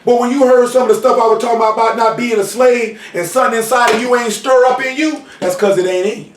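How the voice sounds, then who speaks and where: A man preaching an informal sermon in street slang, often asking "you know what I'm saying" and shouting for emphasis. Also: extremely high pitch, steady tone, quick pace. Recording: roomy hall, mic far off, faint noise.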